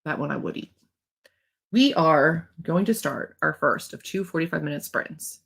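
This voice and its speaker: A woman's voice: sits low, lively intonation, moderate pace, vocal fry, fairly bright tone, husky. A young woman hosting a livestream, chatting casually and joking as she rambles. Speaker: livestream host, author. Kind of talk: casual chat.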